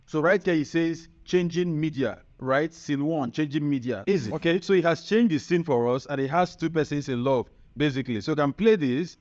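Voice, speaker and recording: A man presenting a screen-recorded software tutorial, upbeat and chatty, often checking in with the viewer. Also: a little high, fairly quick, few pauses. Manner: upbeat, chatty, keeps asking "right?". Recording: muffled lo-fi sound.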